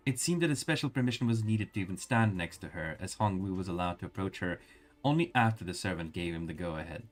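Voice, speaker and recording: A man's voice: sits low, expressive, quick pace, faint music behind. A man streaming, reading a game story aloud and adding casual, joking asides. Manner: casual, joking asides between read lines.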